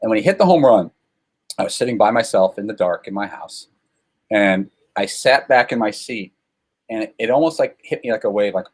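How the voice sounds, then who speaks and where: A man guest telling sports stories in a casual, animated, self-deprecating way. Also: on the low side, a little fast. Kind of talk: casual storytelling.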